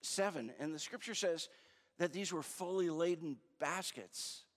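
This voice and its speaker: A man preaches a sermon in a relaxed, conversational way, pausing with fillers as he searches for words. His voice sits slightly above the usual pitch for a man. The recording carries the long reverb of a large church hall. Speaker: pastor.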